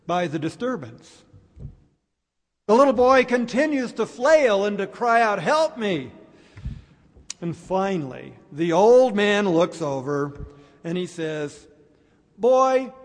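A man preaching a sermon, slow and reflective, with dramatic pauses. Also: sits high. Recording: long hall reverb.

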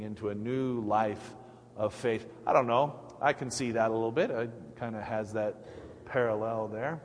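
A man preaching a sermon as pastor, conversational and reflective, pausing often with fillers. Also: mid-range voice. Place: church. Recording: echoey hall, faint hum.

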